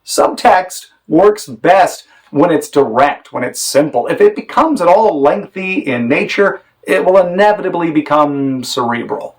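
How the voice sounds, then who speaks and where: A man teaching theater directing in a measured, demonstrative way, now and then acting out sample lines. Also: medium pitch, rough recording. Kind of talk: instructional talk on directing.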